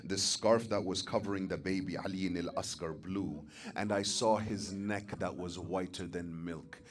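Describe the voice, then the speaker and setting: A man delivering a mourning sermon, with phrases, swinging from loud, high cries to hushed lament. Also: steady tone, normal speed. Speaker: preacher.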